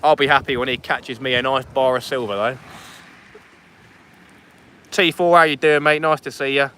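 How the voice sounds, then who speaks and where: A man's voice: medium pitch, normal speed, sharp tone. A man chatting casually on a fishing livestream outdoors on a beach at night, reading out viewer comments as he goes.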